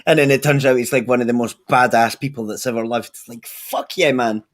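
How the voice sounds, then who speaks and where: A man's voice: medium pitch, steady tone, a little fast. A man in casual chat on a livestream, slangy, swearing and enthusiastic.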